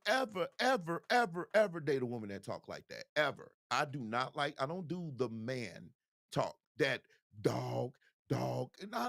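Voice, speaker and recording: A man's voice: on the high side, creaky, no room sound, studio quality. A man hosting a video show, talking casually and straight to his viewers. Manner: animated, talks straight to viewers. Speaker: show host.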